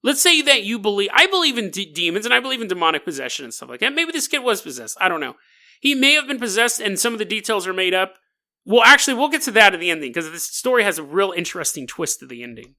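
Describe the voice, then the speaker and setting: A male podcast host telling a story with sarcastic jokes and frequent laughter. His voice sits high and has a very bright, sharp edge. The tone is casual and mocking. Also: sing-song, quick pace. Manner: sarcastic, joking, laughs often.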